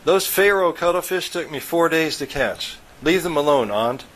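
Guy doing a blunt fisherman dude, stubborn, kinda gruff. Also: on the high side, lively intonation, moderate pace, fairly bright tone, low-quality recording.

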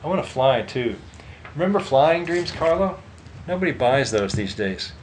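A man's voice: medium pitch, big pitch swings, normal speed, slight background noise, close to an everyday voice, low-quality recording. A man voicing an odd, childlike man who talks in a lifted, eager way.

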